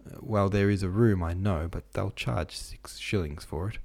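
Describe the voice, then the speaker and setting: In this audiobook, a man with a low voice reads a poor, sickly young woman who answers sullenly and pleads through tears. The voice is lifted a little above his own deep reading tone. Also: moderate pace, vocal fry, a little mellow, husky, full character voice. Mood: sullen, tearful. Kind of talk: audiobook character voice.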